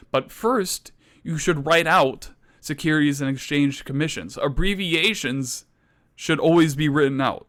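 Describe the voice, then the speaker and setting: This is a young man with a mid-range voice giving a tongue-in-cheek lecture for laughs, his exaggerated indignation escalating until he's almost shouting.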